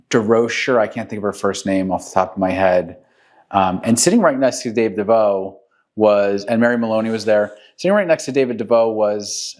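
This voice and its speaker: A man from New York City, co-hosting a podcast, telling a long rambling story full of ums and self-corrections. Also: on the low side. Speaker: podcast co-host, real estate agent. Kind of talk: casual storytelling chat.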